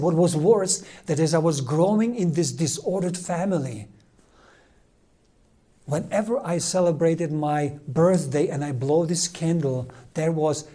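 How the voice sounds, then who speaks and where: A man with preaching a sermon, telling a story with dramatic swings between loud emphasis and hushed near-whispers. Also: fairly high pitch.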